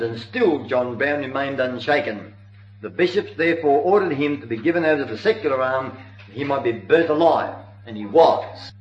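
A man giving a sermon on church history, telling it earnestly with occasional hesitations, in a dull, roomy old recording. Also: on the high side. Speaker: preacher.

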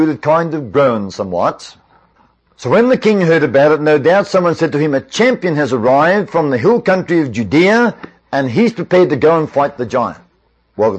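A man telling a Bible story in an expressive way, with varied pacing and asides to the listener. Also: fairly high pitch, lo-fi sound.

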